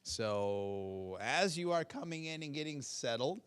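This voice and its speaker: A man's voice: medium pitch, animated, measured pace, smooth. Upbeat man giving chapel announcements. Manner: upbeat, chatty, with fillers and repeated pleas. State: has a cold. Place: university chapel.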